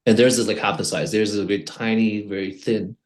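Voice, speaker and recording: A man, a company head, demoing his product as a podcast guest, halting and restarting his sentences. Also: lowish voice, fairly even intonation. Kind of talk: casual product demo in an interview.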